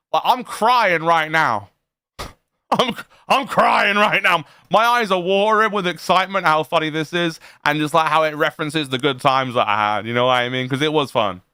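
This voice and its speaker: A man's voice: on the high side, pushed and bright, clear, resonant tone, no echo, studio quality. A man streaming, reacting to a clip in casual chat, laughing often and swearing freely. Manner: laughing often, profane, rambling.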